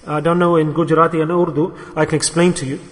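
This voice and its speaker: Brief: male preacher, high voice, acted storytelling, reverberant hall. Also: fast talker. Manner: animated, acts out dialogue with rising pitch. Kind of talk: sermon storytelling.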